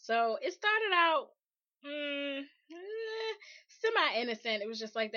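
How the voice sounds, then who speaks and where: A woman's voice: sits high, slow. Woman co-host, casual storyteller, acts out dialogue, slightly lo-fi sound. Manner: animated, quotes both sides of a chat. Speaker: podcast co-host telling a story.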